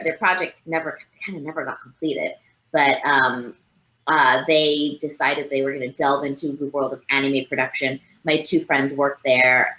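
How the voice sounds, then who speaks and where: Chatty woman guest, low-ish voice, roomy. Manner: rambling, many "like" fillers. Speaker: voice actress guest. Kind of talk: casual interview chat. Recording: roomy, dull lo-fi sound.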